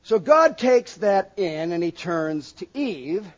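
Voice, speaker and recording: A man preaching a sermon in an animated way, acting out quoted voices and asking the congregation questions. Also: high voice, takes it slowly. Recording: dull lo-fi recording.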